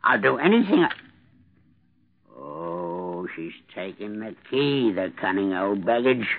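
A man's voice: fairly low pitch, sing-song, slow, full character voice. An actor playing a cantankerous, willful rich man of ninety-three who grumbles with childlike defiance, in a radio drama. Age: older. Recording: phone-like lo-fi radio recording.

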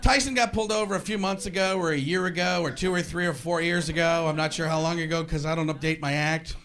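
A man's voice: on the high side, steady tone, fast talker, a bit bright. A man doing a rambling, self-mocking stand-up comedy set, recorded in a noisy live club with the crowd audible.

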